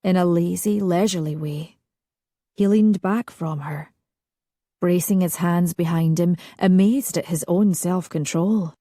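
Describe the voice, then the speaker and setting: A woman narrates a historical romance in a slow, hushed, sensual reading. Her voice sits low, husky and mellow. It is recorded dry and close with no room sound. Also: no echo. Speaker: audiobook narrator.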